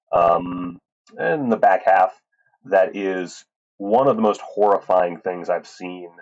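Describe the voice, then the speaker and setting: A man hosting a casual solo film podcast, rambling with many fillers and restarts and swearing freely. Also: low voice. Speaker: podcast host reviewing films. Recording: tinny wrong-mic recording.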